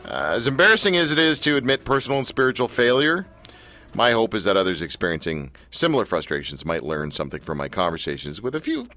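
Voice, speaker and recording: A man's voice: on the low side, sing-song, quick pace, sharp tone. A man hosting a live radio talk show, candid and self-mocking as he speaks into a studio mic. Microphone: studio microphone.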